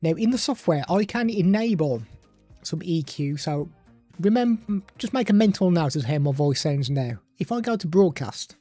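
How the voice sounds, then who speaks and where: A man's voice: fairly high pitch, lively intonation, normal speed, dark tone, no echo, faint music behind. Chatty man on a dry mic. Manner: chatty, loose, stops to talk to his pet. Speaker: tech livestream host. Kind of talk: casual live product demo. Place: home desk streaming setup. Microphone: studio microphone through a mixer at a desk.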